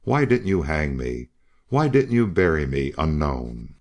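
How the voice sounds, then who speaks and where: A man's voice: very deep voice, big pitch swings, unhurried, darkish tone, heavily acted. A man voicing a guilty young man crying out in fury and shame in an audiobook western. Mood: anguished fury. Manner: passionate, anguished.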